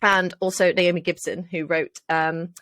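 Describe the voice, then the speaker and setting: A woman's voice: on the low side, flat delivery, moderate pace, a bit bright, no room sound, clean studio sound. A woman with a Mancunian accent co-hosting a casual podcast chat, chatty, enthusiastic and jokey. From Manchester. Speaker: podcast co-host and author.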